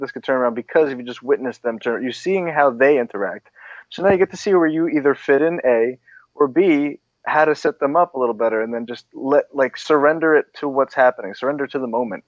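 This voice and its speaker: A man co-hosting a podcast, talking through his thoughts in a relaxed, rambling way. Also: mid-range voice, no echo. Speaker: podcast co-host. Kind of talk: casual commentary. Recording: dry, dull lo-fi sound.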